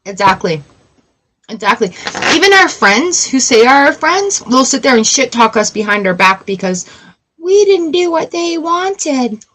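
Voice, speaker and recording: A woman in her forties chatting casually on a tarot livestream, emotional and quick to laugh. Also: sits high, sing-song, a bit bright, poor audio. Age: 40s. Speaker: tarot reader.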